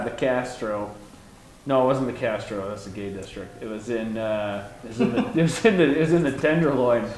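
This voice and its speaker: A man's voice: medium pitch, slight background noise. Profane man telling stories in a pub. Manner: profane, animated storyteller. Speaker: co-host. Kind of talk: casual bar chat. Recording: roomy pub recording, faint ambience.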